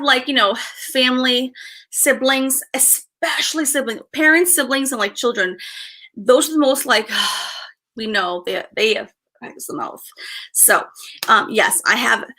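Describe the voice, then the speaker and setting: A woman's voice: high voice, bright, forceful tone. A woman in her thirties chatting casually on a livestream, sighing often and repeating herself as she talks. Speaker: vlogger.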